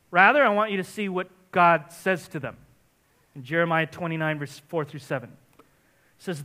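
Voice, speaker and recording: A man preaching a sermon as pastor, speaking emphatically and often rising to forceful exhortation. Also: sits high. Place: church in Santa Barbara area.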